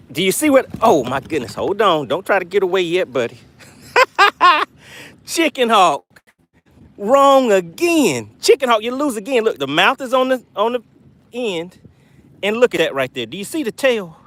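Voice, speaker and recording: A man hosting a fishing livestream from a boat, teasing and laughing with his chat viewers. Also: sits high.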